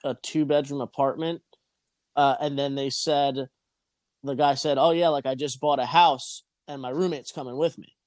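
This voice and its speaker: A man's voice: mid-range voice, fairly even intonation, moderate pace, darkish tone, dry recording. A man in his twenties telling a long story in casual chat, rambling and swearing, with frequent restarts.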